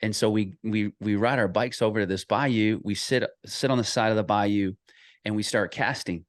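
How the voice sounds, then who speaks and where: A man's voice: lowish voice, steady tone, moderate pace, dry recording, studio quality. A man in his thirties, an associate pastor and author, earnestly telling a personal story in an interview with frequent restarts.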